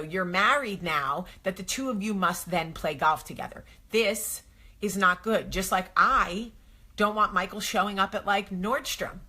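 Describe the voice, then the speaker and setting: A woman's voice: fairly low pitch, pushed and bright. A woman in her thirties giving casual marriage advice to camera, emphatic and repetitive, acting out little quoted exchanges. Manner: emphatic, repeats points, acts out quotes.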